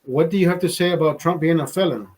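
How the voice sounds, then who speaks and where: A high-voiced man chats on his livestream, rambling from one thought to the next. He swears freely and breaks into laughter often. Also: quick pace. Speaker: livestream host. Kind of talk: casual livestream chat.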